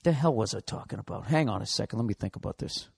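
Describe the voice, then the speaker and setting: A man hosting a podcast, telling a story in a profane, animated comedic rant. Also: on the low side, fast, creaky, husky. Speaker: podcast host.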